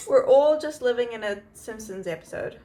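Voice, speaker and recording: Brief: woman co-host, somewhat high voice, dry and quick in casual chat. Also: lively intonation, mellow. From outside the United States. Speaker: podcast co-host.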